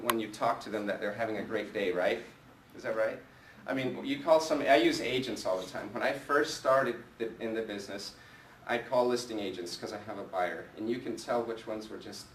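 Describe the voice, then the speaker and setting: A man running a live sales training, energetic and coaching, putting questions to the people in front of him. His voice comes from some way off the mic, in an echoey room with a faint hum of ambience behind it. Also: medium pitch, recorded from a distance.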